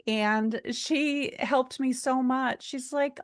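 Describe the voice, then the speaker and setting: An American woman giving a seminar talk tells a personal story earnestly and chattily, with plenty of fillers. Her high voice stays steady and slow with few pauses, recorded clean in a studio with no echo.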